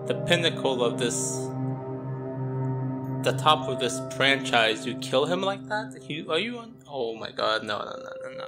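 An exasperated man commenting as he plays a video game, repeating himself in outbursts. Loud game music plays under his voice. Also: mid-range voice. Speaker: gaming channel host. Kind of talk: let's play reaction commentary. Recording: game music playing loudly behind the voice.

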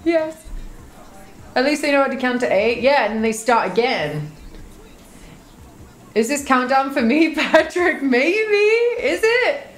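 A woman's voice: high-pitched, lively intonation, measured pace, pauses often, reverberant, soft background music. A young woman streaming live, reading her chat aloud with swearing and lots of laughter. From United Kingdom.

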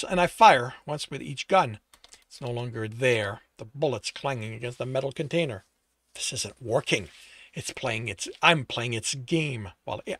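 A man's voice: mid-range voice, fairly bright tone, no echo. Male author narrating first person, stumbles and self-corrects, dry close read. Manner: rereads and corrects his own slips. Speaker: author reading his own novel.

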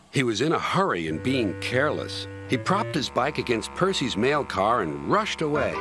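A man's voice: mid-range voice, big pitch swings, moderate pace, few pauses. Storytelling man over music. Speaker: narrator. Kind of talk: storybook narration. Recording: narration over clear music.

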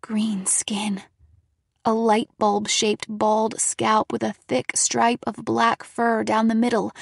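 A woman's voice: mid-range voice, gravelly, dry recording, studio quality. A woman reading a first-person horror audiobook in a dramatic manner. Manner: dramatic, shifting into loud frightened shouts for quoted lines. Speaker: audiobook reader.

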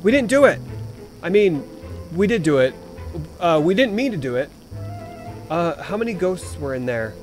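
Excitable man hosting a game playthrough. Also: fairly high pitch, moderate pace, long pauses, music in the background. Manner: excitable, dramatic storytelling with gasps. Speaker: let's play host. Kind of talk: playful let's play narration.

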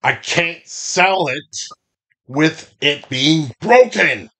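A man's voice: on the high side, lively intonation, very slow, sharp tone, voice pushed up, full character voice. Man voicing an irate bandit boss. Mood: annoyed. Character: armored male bandit boss, angry and greedy.

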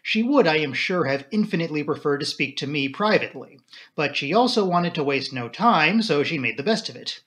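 A man reading a novel aloud in first person, with measured, steady storytelling. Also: a little high. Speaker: amateur audiobook reader.

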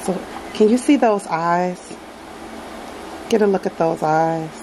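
A woman's voice: fairly low pitch, takes it slowly, noisy background. A woman chatting casually to her viewers in a home nursery as she unboxes a doll, gushing and affectionate and often calling them y'all. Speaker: reborn doll collector vlogger.

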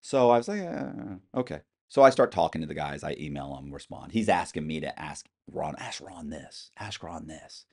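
A middle-aged man telling animated stories as a podcast guest, acting out quoted voices with some swearing. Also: extremely low pitch, moderate pace, few pauses. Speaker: interview guest. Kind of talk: storytelling in a podcast interview.

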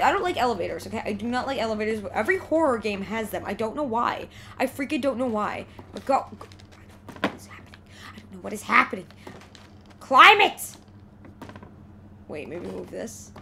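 A young woman streaming a horror game live, excitably reacting out loud and talking to the game and her chat from a desk mic at home. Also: fairly high pitch, normal speed, vocal fry, pauses often, slight background noise. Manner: excitable, exclaims and talks to the game. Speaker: gameplay streamer. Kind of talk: live let's play commentary.

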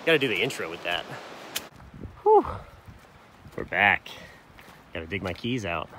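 A man, slightly hoarse from coughing, chatting casually in an outdoor vlog by a mountain stream. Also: low-pitched, a little hiss or hum. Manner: chatty, relaxed narration. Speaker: outdoor vlogger. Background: rushing stream water.

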